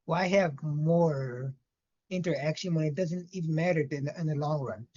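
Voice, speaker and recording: A man's voice: on the high side, moderate pace, dark tone, no echo, dull audio. A man co-hosting a podcast, talking loosely and profanely, stopping to find words. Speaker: podcast co-host. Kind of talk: casual chat.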